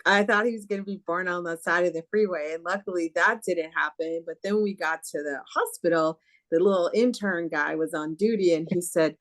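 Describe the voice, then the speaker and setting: Lowish woman host, lively storyteller. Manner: storytelling, warm-hearted, quick asides, laughs while talking. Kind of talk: casual spiritual conversation.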